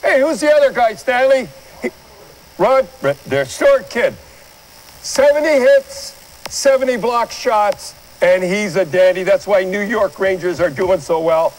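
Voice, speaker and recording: A man's voice: sits high, expressive, measured pace, rough recording. An older man giving blunt, rambling hockey commentary and pointing viewers at replays in a studio. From Canada. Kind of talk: opinionated sports commentary.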